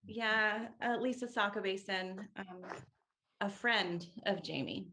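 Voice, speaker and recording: Woman talking slow and earnest, emotional heartfelt tribute, mid pitch. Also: bright, forceful tone, a little hiss or hum. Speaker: meeting participant, friend. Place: video call.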